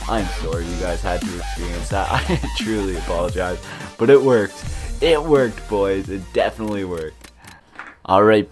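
A young man commenting on a video game pack opening, excitable and swearing, bursting into loud high-pitched reactions. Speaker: gaming YouTuber. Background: electronic dubstep music.

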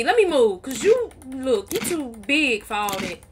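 A woman's voice: high voice, very animated, measured pace, a little hiss or hum. A woman co-hosting a gaming channel, giving playful, boastful trash talk as she plays. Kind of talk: casual gameplay commentary.

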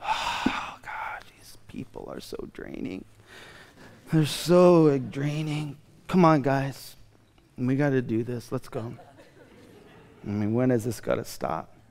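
A man's voice: medium pitch, lively intonation, extremely slow, gravelly, a bit bright, pitched below the performer's own voice, full character voice. A male pastor acting out an exhausted man who sighs and mutters, partly in a whisper, about endless crowds. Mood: weary, exasperated. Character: weary drained man, sighing over crowds.

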